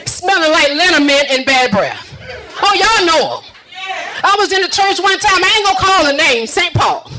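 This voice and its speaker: A woman doing a stand-up routine, sassy and teasing the crowd with drawn-out punchlines. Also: very high-pitched, pushed and bright, slight background noise, rough recording. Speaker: stand-up comedian.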